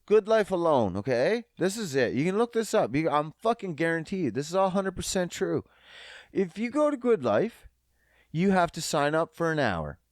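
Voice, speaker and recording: A man's voice: a little high, big pitch swings, normal speed, dry recording, clean studio sound. A young man hosting a comedy podcast on his own, rambling, swearing and poking fun at himself. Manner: profane, rambling, self-mocking. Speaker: podcast host. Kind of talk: solo comedic podcast rant.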